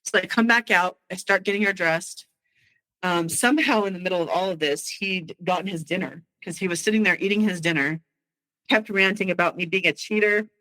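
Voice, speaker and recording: A woman with a bright, forceful voice recounts a painful memory in halting, emotional bursts. She restarts her sentences often as she goes back over the night. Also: fairly low pitch, poor audio. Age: adult. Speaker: guest sharing her story. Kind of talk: personal storytelling.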